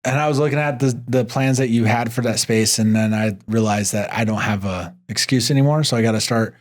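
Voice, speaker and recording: A man co-hosting a podcast who tells stories with lots of energy. His voice sits at a middle pitch and leaps up when he acts out other people's lines in relaxed chat. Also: a little fast. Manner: animated storyteller, jumps high when quoting others. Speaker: podcast co-host.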